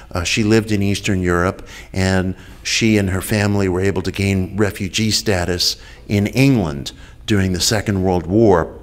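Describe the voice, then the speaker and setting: Lower-pitched New man, deliberate lecturer, repeats key phrases, heard over a video call. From United States. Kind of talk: measured public lecture.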